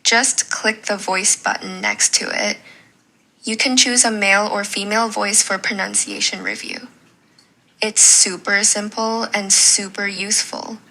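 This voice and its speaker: Female language teacher, unhurried and encouraging, bright clear voice. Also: mid-range voice, fairly even intonation, rough recording. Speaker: Mandarin teacher. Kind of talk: scripted lesson narration.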